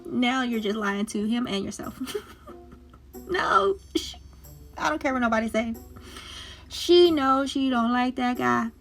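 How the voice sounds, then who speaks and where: A woman's voice: on the high side, lively intonation, a little slow, pauses often, a bit bright, soft background music. A woman recapping a series episode in a casual chat, laughing often and teasing the characters as if she were talking to them. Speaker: show recap host. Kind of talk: casual reaction commentary.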